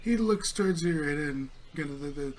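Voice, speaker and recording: A man's voice: on the high side, normal speed, a little hiss or hum. A man narrating a tabletop game as game master, in a loose, rambling way with many fillers.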